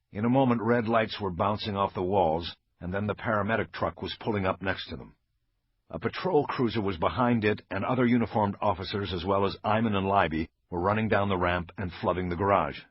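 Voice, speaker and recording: A man's voice: fairly low pitch, husky, no echo. A man giving a scripted audiobook narration of a crime novel in a dramatic reading manner. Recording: dull lo-fi audio with faint music.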